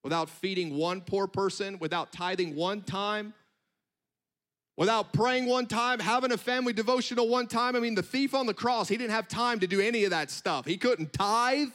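A man preaching a sermon in an animated, conversational way, with quick asides. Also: high voice.

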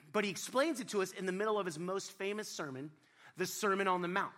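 A man's voice: high-pitched, fairly quick, a bit bright. A man preaching a sermon to a congregation, telling Bible stories with humor and acting out the figures. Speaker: pastor. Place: church before a congregation.

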